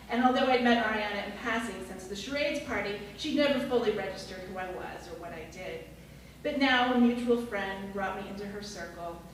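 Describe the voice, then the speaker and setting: A woman's voice: mid-range voice, slight background noise. Woman storyteller, wry, reading to a live audience; echoey room, distant mic. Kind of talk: reading a personal essay aloud to an audience.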